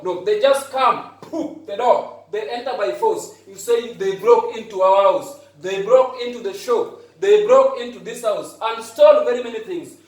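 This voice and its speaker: A man with a high voice gives a classroom vocabulary lesson, patiently repeating phrases slowly for emphasis. He sounds far from the recorder, and his words ring around a very echoey room. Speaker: English teacher.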